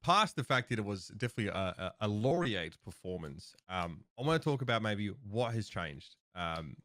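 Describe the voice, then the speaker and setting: A man's voice: on the low side, sing-song, moderate pace, fairly bright tone. A man hosting a casual esports podcast, chatty and loose, with plenty of profanity. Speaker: host.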